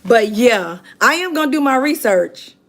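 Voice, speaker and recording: A woman's voice: fairly high pitch, expressive, normal speed. A woman hosting a livestream, chatting casually with viewers and reading out their comments in a chatty, emphatic way. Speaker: livestream host.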